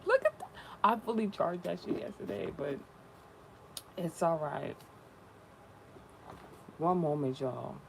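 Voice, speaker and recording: A man's voice: a little high, expressive, takes it slowly, creaky, pauses often, a little hiss or hum. A young man rambling casually and profanely in slangy vlog talk. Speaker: spiritual content creator.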